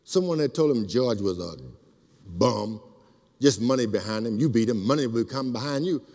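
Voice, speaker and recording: Older guy telling animated stories on stage, middle pitch, big echoey hall. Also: normal speed. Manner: animated, acts out quotes. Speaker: speaker. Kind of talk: storytelling speech. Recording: reverberant hall.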